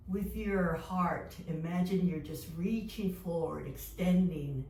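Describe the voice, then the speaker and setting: A woman in her fifties guiding a yoga class with calm, gentle step-by-step cues. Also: fairly low pitch, slow pace, few pauses, slight background noise. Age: 50s. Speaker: yoga instructor. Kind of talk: guided yoga class instruction. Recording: echoey room, mic far off.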